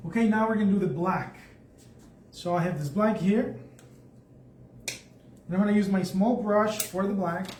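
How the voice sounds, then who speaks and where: High-voiced man teaching painting live. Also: normal speed, pauses often, a little mellow. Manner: chatty, thinks aloud while painting. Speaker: art instructor. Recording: echoey room, mic at a distance, faint background noise.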